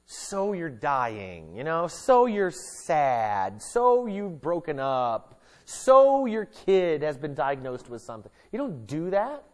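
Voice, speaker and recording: A middle-aged man, a pastor, giving a conversational sermon with casual jokes, moving between lively emphasis and hushed earnestness. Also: on the high side, takes it slowly, few pauses.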